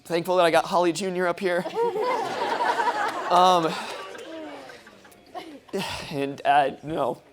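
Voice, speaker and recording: A man's voice: sits high, fairly even intonation, slow, long pauses, a crowd in the background, noisy background. A young man, the groom, giving a rambling, heartfelt wedding toast at a reception with lots of ums, choked up and fighting back tears. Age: young adult. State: tearful, choked up.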